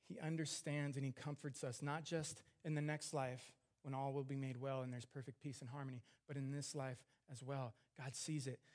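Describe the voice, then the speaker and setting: A man preaching a sermon on scripture, earnest, dropping to hushed tender lines and rising into emphatic questions. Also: mid-range voice, level tone, moderate pace, hardly any pauses.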